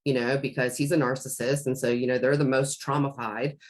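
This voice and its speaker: A woman's voice: very deep voice, flat delivery, brisk. A woman co-hosting a casual talk show, rambling as she retells a talk with her son. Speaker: podcast co-host. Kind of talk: casual conversation.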